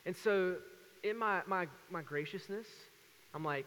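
A man in his thirties preaching a sermon as pastor, telling stories with lively acted-out voices. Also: high-pitched, a little slow, big-room sound, slight background noise. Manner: animated storytelling with acted voices.

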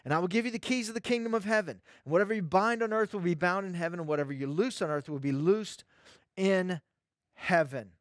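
A man's voice: high-pitched, dry recording, studio quality. A male pastor preaching a sermon, emphatic and repeating phrases for stress.

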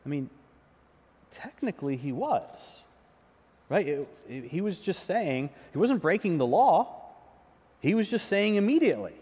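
A man's voice: high-pitched, big pitch swings, unhurried, pauses often, a little mellow, husky. A male pastor delivering a conversational sermon, often restarting words and checking in with the listeners. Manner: conversational preaching, repeats words, often asks "right?". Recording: long reverb of a large hall.

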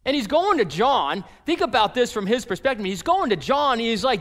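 A man preaching a sermon as pastor, animated and acting out the voices of people in his story. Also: very high voice, brisk, big-room sound.

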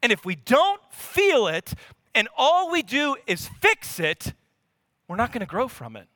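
A man in his thirties from Louisiana with a Louisiana accent, preaching a lively sermon as a pastor, full of repetition and rhetorical questions. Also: extremely high pitch, a little slow, no echo, clean studio sound.

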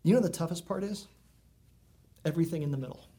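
Man pastor, sermon, chatty preaching, slightly higher voice. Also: quick pace, warm tone. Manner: conversational preaching with many asides.

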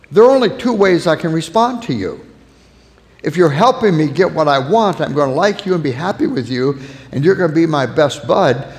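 A man's voice: fairly high pitch, long reverb tail. A man preaching a sermon earnestly, illustrating his points with acted-out everyday anecdotes. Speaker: pastor.

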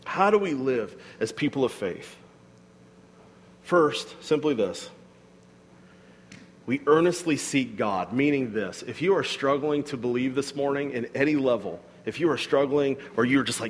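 A man's voice: medium pitch, a little slow. A man preaching a sermon as pastor, earnest and emphatic, repeating phrases for weight in a church sanctuary. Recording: long hall reverb.

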